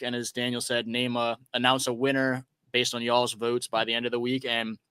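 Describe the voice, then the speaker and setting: A man with a bright, crisp voice talks through high school football highlights play by play. He co-hosts a casual podcast, and the sound is dry and close. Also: no echo. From Louisiana. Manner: detailed play-by-play recapping. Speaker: co-host. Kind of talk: casual sports podcast chat.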